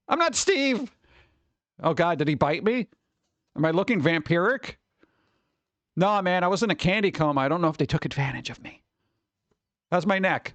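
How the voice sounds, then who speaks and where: Animated high-voiced man streaming. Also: no room sound. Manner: rambling and animated, reads chat aloud. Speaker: live streamer chatting with viewers. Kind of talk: casual stream chat.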